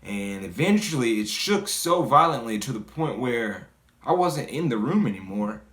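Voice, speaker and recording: A man's voice: mid-range voice, big pitch swings, normal speed, fairly bright tone. A man casually telling a personal story in a loose, conversational way, full of fillers and swearing. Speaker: guest storyteller.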